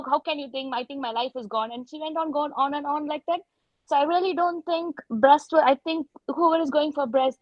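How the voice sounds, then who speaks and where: A woman's voice: a little high, dry recording, muffled recording. A woman surgeon candidly recounting her exam experiences at an informal online meet-up, often correcting herself mid-sentence. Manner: candid anecdotal storytelling, frequent self-corrections.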